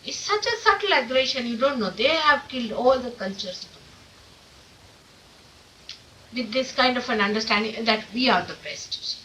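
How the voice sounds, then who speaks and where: A woman teacher talks to a gathering of followers and presses her points with pointed rhetorical questions. Her voice is bright and forceful and sits a little high. It was caught on an old tape from some way off the mic, with a faint hiss underneath. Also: animated, moderate pace, recorded from a distance, rough recording. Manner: emphatic, full of rhetorical questions. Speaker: spiritual teacher. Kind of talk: informal talk to followers. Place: meeting room of an ashram.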